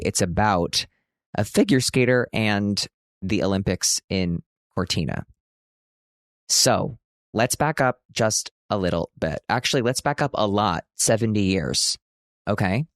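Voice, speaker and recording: Recording from a hotel room, this podcast host is a man in his thirties with a fairly low voice who keeps things chatty and pokes fun at himself. Now and then he leaps into a booming, dramatic announcer voice. The audio is studio quality and free of echo.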